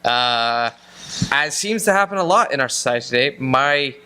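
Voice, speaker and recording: A man co-hosting a casual podcast, speaking haltingly with many restarts and fillers. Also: medium pitch, lively intonation, sharp tone, clean tone. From Seattle area, US. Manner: hesitant, halting, lots of fillers. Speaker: podcast co-host. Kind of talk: casual chat.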